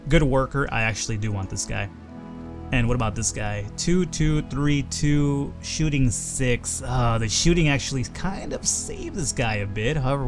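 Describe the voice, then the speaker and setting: Foul-mouthed man narrating gameplay. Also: medium pitch. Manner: thinks aloud, swears freely when frustrated. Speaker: let's play host. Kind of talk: casual gameplay commentary.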